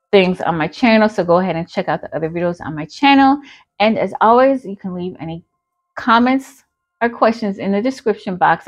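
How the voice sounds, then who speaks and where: A woman's voice: fairly low pitch, dull audio. A woman telling a storytime in a casual, chatty way, full of fillers. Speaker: channel host.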